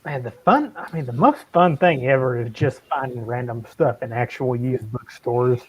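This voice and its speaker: A man's voice: medium pitch, lively intonation, normal speed, husky. A man co-hosting a podcast, rambling in easygoing casual chat over dull lo-fi audio.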